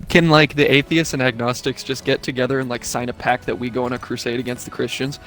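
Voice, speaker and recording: A man's voice: medium pitch, level tone, fast, fairly bright tone, soft background music. A young man streaming live, ranting casually with lots of swearing and mocking put-on quotes of other people.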